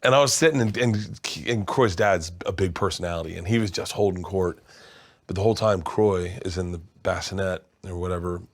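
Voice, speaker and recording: Comedian, male, lowish voice, halting earnest storyteller. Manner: earnest and halting, with many restarts. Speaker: comedian guest. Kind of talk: casual storytelling.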